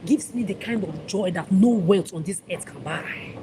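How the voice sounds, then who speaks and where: A woman's voice: mid-range voice, moderate pace, background noise. A woman vlogger delivering an angry, accusatory monologue to camera in a ranting, contemptuous manner.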